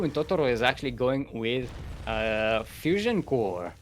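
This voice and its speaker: A man's voice: mid-range voice, animated, unhurried, a little hiss or hum. A man casting a live esports match as play-by-play commentator, playful and giggly, joking between calls. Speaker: esports caster.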